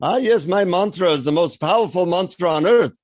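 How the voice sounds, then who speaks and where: A man's voice: high-pitched, lively intonation, a little fast, no echo, clean studio sound, pitched above the performer's own voice. A man putting on a solemn guru with an Indian accent. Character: serene older male guru teacher.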